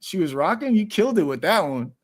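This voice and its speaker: Chill dude running a stream, says bro a lot, easygoing. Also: male voice, high voice, big pitch swings, brisk. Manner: laid-back, slangy, says bro a lot. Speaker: stream host. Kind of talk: casual live-stream chat.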